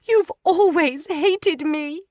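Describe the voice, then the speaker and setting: A woman doing a shrill, weeping young noblewoman. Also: takes it slowly, a little mellow, dry recording, studio quality, full character voice. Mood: sobbing. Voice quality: shrill, pleading.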